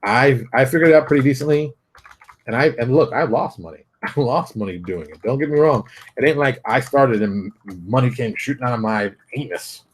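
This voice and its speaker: A show host with a medium-pitched, breathy-edged voice speaks a little fast in a blunt motivational rant on his own show. He's brash and repetitive, mocking others with put-on voices.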